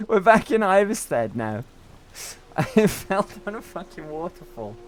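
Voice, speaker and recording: A man's voice: high voice, sing-song, slow pace. A young British man streaming a game, chatting in a rambling way and often tagging on "right?". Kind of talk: casual gaming chat.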